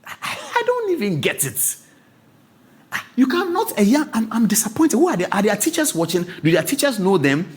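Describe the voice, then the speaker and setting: Lively Ghanaian man telling a story. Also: sits high, moderate pace. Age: 40s. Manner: laughs often, stammers and repeats words. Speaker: host. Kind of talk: animated storytelling monologue.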